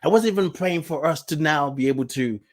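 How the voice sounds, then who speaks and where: A guest host and life coach from Nigeria, telling a personal story to an online group and acting out the quoted lines with big jumps in pitch and loudness. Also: fairly quick. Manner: animated, acts out quoted lines with big swings in pitch and loudness, laughs often.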